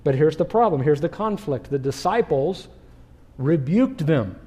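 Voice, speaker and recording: A man who is a pastor preaching a sermon, animated, sometimes acting out what people in the story say. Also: on the high side, measured pace. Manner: animated preaching, acts out quoted speech.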